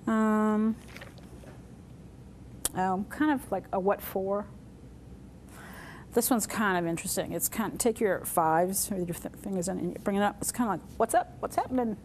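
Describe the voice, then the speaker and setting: A woman's voice: mid-range voice, a little hiss or hum. Woman teaching a sign language class. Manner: demonstrative, talks through signs with pauses and fillers.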